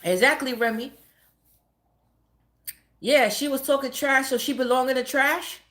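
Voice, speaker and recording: A woman livestreaming a story to her chat, profane and animated, often breaking into laughter. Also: high voice, unhurried, echoey room. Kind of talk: casual storytelling to a live chat.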